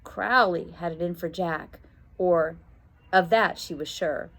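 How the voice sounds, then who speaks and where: A woman who teaches, reading a children's adventure story aloud in an expressive way and raising her voice for the children's shouted lines. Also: on the low side, slow pace, creaky.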